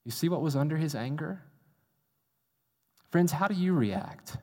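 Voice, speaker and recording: An American pastor preaches conversationally, posing rhetorical questions to the audience and poking fun at himself in asides. His fairly high, dark-toned voice is animated and a little slow, and a large hall's long reverb surrounds him.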